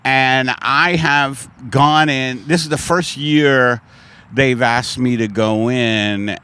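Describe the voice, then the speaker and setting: A man hosting a comedy podcast at a middling pitch, talking in loose, wandering chat. His asides run wry and self-mocking, and his thoughts often trail off and restart. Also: fairly even intonation, takes it slowly, bright, forceful tone, smooth. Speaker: podcast host.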